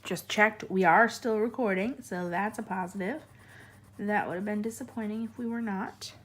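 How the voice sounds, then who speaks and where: Young female coloring host, casual and tangent-prone, slightly hoarse, talking to a camera on a monopod. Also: medium pitch, normal speed, a bit bright. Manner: rambling, chatty, easily sidetracked. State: losing her voice. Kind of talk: casual chat while coloring.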